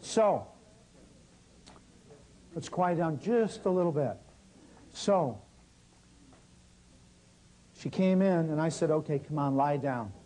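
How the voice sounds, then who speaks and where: Man, fairly high mellow voice, workshop teacher who tells stories and talks straight to the room. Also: slow, long pauses, low-quality recording. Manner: lively, talks straight to the audience. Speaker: natural healing teacher. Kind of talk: live workshop storytelling.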